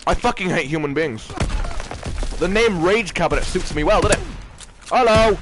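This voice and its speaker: A man playing a shooter game with a friend, swearing constantly and yelling at enemies. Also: high-pitched, expressive, moderate pace, long pauses, noisy background. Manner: explosive, swearing, yells at enemies. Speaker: gamer streaming with a friend. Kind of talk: profane gameplay rant.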